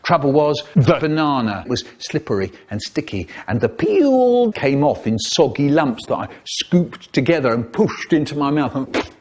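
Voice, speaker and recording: Lively animated male storyteller. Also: fairly high pitch, moderate pace. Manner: animated, acts out voices and sound effects. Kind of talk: comic storytelling, spliced remix.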